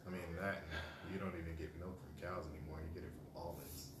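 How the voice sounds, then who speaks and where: A man's voice: low voice, little pitch movement, quick pace. A young man co-hosting a podcast, teasing and telling stories in loose slang. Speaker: podcast co-host. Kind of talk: casual chat. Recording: echoey room, off-mic, faint noise.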